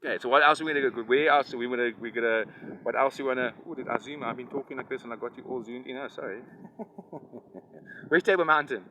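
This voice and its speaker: Man, rambling outdoor explanation, heavy wind noise, mid pitch. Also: brisk. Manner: lecturing, keeps checking "right? you understand?". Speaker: environmental activist explaining to a child. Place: outdoors by a river canal.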